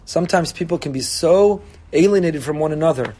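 A rabbi delivers a sermon in a high, bright-pitched voice. He preaches with animated emphasis, often slipping into dramatized quoted speech. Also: brisk, husky. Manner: animated preaching, voicing God and congregants.

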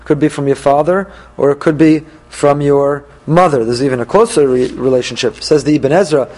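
A man with a somewhat high voice teaches a Torah class. He reads each verse, then translates and explains it piece by piece, thinking aloud with pauses and restarts. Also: a little mellow.

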